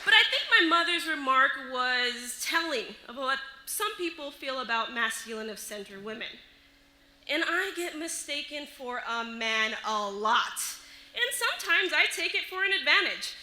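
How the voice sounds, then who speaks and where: A woman telling a personal story on stage, lively and often laughing as she goes. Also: high-pitched, normal speed, echoey room, rough recording. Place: live stage show.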